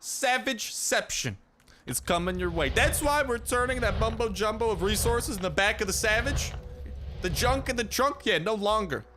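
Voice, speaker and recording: A man hosting a gaming video with energetic gameplay commentary, goofy and hyped, breaking into sudden high squeals. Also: normal speed, a little hiss or hum.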